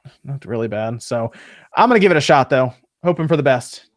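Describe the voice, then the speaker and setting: A man hosts a casual gaming talk show, reading viewer messages and chat questions aloud and offering his opinions in a quick, upbeat way. His medium-pitched voice is expressive, and the studio sound is clean with no echo.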